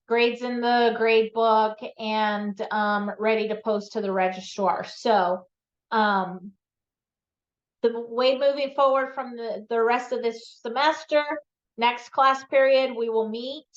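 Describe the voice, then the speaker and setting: A woman math instructor giving classroom announcements, with frequent ums, checking in with "okay?". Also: fairly high pitch. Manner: frequent ums, repeats key points with "okay?". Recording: dull lo-fi lecture recording.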